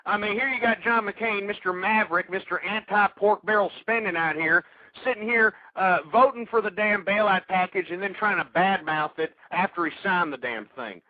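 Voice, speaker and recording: A man's voice: high voice, lively intonation, moderate pace, no room sound. A man hosting a political talk radio show, ranting angrily and hurling insults at his listeners. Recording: tinny phone-like radio audio.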